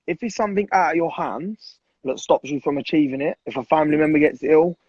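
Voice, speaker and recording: A man's voice: fairly high pitch, a little fast, darkish tone, slightly rough, no room sound, dull audio. A man in his twenties, talking bluntly in a casual chat, swearing a lot and repeating himself for emphasis. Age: 20s. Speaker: guest.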